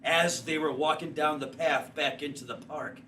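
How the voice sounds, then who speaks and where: A man improvising a story on stage, narrating in a drawn-out, dramatic way. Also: a little high, fairly even intonation, reverberant. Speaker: improv player. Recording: distant stage mic, faint noise.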